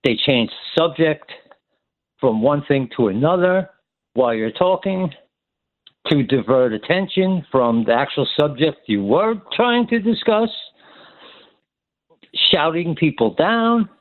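A man calling into a talk radio show, indignant and critical, speaking in halting bursts. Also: on the high side, expressive. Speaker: caller. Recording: tinny phone line.

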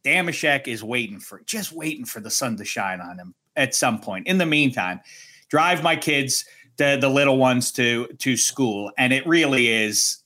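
A middle-aged man co-hosting a sports talk show, telling a story in an animated, self-mocking way. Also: mid-range voice, moderate pace. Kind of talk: sports radio banter.

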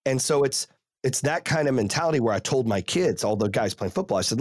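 A man's voice: medium pitch, big pitch swings, fairly quick, dry recording, studio quality. A man hosting a podcast and coaching youth football, telling stories in a blunt, fired-up, profane way. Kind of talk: casual podcast chat.

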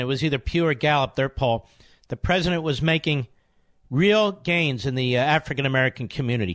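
A man hosting a political talk radio show, combative and emphatic, with sudden high outbursts.

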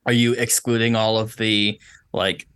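A man co-hosting a podcast, chatting casually in a dry, low-key, wry way. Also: flat delivery, a little slow, a bit bright, clean tone. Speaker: podcast co-host.

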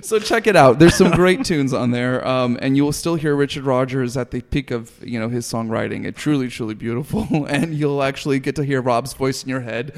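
A man's voice: medium pitch, fairly quick, hardly any pauses, in a large hall. A man co-hosting a podcast in casual chat, giggly and full of fillers. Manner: chatty, giggly, many fillers like "like". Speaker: podcast co-host.

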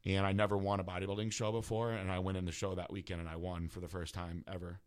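A man's voice: sits low, little pitch movement, quick pace, clear, resonant tone. A man, a bodybuilder guest, telling a personal story in a casual, profane way, full of filler words.

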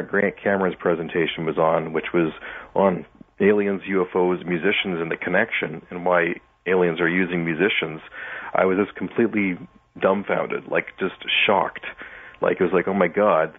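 Deep husky man on a phone line. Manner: animated, acts out his own past reactions. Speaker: guest musician. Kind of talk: casual interview storytelling.

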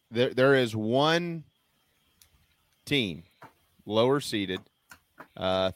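A man's voice: on the low side, no echo. A man, a former college quarterback, talking football frankly as a guest. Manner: frank, explanatory. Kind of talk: casual sports talk.

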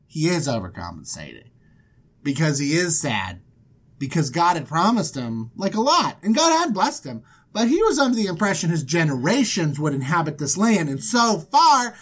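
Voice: mid-range voice, big pitch swings, normal speed, a bit bright, breathy edge. A podcast host casually retelling a story with slang and many fillers.

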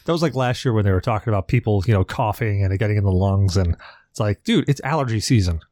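A man's voice: lowish voice, quick pace, a little mellow, dry recording. A man co-hosting a podcast in casual chat, rambling and joking with plenty of swearing. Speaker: podcast co-host.

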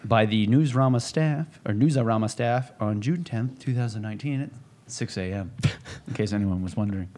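A man's voice: on the low side, a little fast, a little mellow, a little hiss or hum. A man co-hosting a casual podcast chat with a dry, wisecracking manner. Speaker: podcast co-host.

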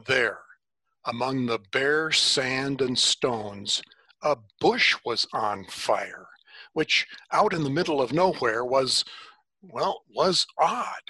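A man telling a story in the first person, unhurried, with dramatic pauses. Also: medium pitch, animated, bright, forceful tone, breathy edge, dry recording.

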